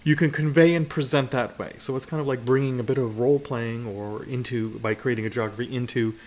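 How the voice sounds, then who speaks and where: A man presenting live to an audience, talking loosely and restarting his sentences. He keeps checking in with the room as he explains. His pitch is mid-range. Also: fairly even intonation, fairly quick, darkish tone, a little hiss or hum. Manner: loose, rambling, many restarts and "okay?" checks. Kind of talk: live conference talk.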